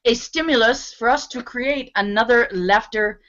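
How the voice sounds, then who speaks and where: A woman's voice: on the high side, normal speed, fairly bright tone, lo-fi sound. A woman hosting a casual online panel, chatty and leading group laughter exercises. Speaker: host.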